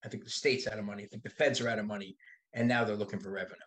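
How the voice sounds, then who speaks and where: A man's voice: lowish voice, steady tone, very fast, a bit bright. A man in his sixties, a body shop owner, talking bluntly and with profanity as a podcast guest. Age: 60s. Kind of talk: casual podcast conversation.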